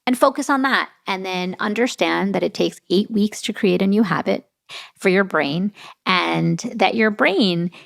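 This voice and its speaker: A woman doctor being interviewed on a podcast, talking in a relaxed conversational way. Her voice has a gravelly, creaky texture, and she is recorded close and dry. She tells stories animatedly and acts out each quoted line. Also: medium pitch, unhurried, no echo. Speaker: physician and author, guest.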